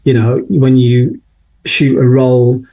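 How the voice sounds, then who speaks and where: A man's voice: medium pitch, flat delivery, takes it slowly, mellow. A man with a Yorkshire accent, a photographer chatting casually and a bit ramblingly as an interview guest. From Northern England. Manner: chatty, rambling, laughs easily.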